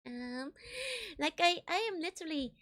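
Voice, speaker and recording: A young woman streams and chats casually with her viewers, giggling often and repeating her greetings. Her voice is high and a bit bright, at a moderate pace.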